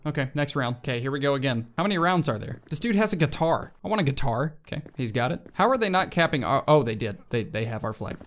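A man giving casual let's-play commentary on a shooter game, excitable and prone to sudden yelps and exclamations. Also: mid-range voice. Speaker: gaming YouTuber. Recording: loud game gunfire behind voice. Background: video game gunshots and effects.

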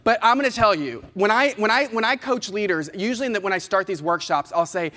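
A man, giving an animated, playful motivational keynote and talking straight to the audience. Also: high-pitched, fast. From Kentucky, US. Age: 30s. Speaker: keynote speaker. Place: large conference hall. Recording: long hall reverb.

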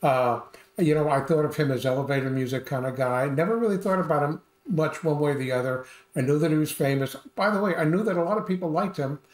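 An older man chats about a film he watched, hesitant and filled with uhs. His voice sits slightly high. The room around him is echoey, with noticeable reverb. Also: fast talker. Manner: chatty, hesitant with many uhs. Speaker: co-host film reviewer. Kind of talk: casual review chat. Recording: roomy echo.

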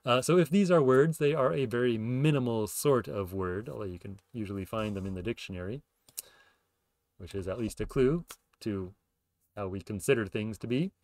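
A man's voice: medium pitch, moderate pace, darkish tone, no room sound. A man hosting his own podcast, explaining ideas in a casual lecture, thinking aloud with fillers and self-corrections. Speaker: podcast host explaining linguistics.

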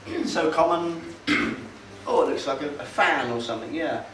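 A man's voice: fairly high pitch, normal speed, fairly bright tone. Sardonic man lecturing a hall. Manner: conversational, sardonic, hesitant with fillers. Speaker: speaker at a public talk. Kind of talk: casual lecture to an audience. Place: meeting hall. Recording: roomy hall, far from mic, faint noise.

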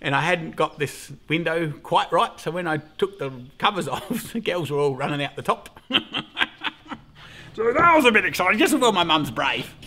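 A man's voice: fairly high pitch, sing-song, a little fast, few pauses, sharp tone. A middle-aged Australian man hosting a casual beekeeping vlog, rambling along, swearing freely and laughing often. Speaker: beekeeper host.

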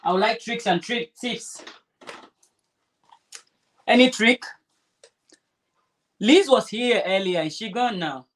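A woman's voice: medium pitch, expressive, slow, pauses often. Chatty woman crafting and chatting. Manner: chatty, rambling, restarts sentences. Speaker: crafter vlogger. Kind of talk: casual chat while sewing.

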